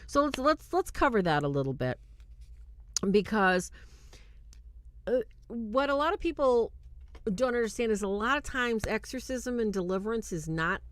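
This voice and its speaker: A woman hosting a livestreamed film review, retelling scenes in an animated way and warmly thanking her viewers. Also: fairly high pitch, normal speed, pauses often, no room sound. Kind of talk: livestream commentary.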